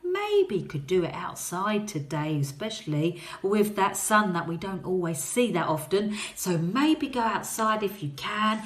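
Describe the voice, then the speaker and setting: A woman teaching a phonics lesson to young children, talking in a slow, encouraging way and coaxing them to answer. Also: medium pitch, big pitch swings, a bit bright, reverberant.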